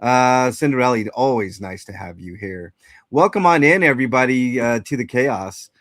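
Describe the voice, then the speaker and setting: A man's voice: medium pitch, moderate pace, a bit bright, no room sound, clean studio sound. A man hosting a casual livestream chat, greeting viewers and rambling with many fillers and restarts. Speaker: livestream host.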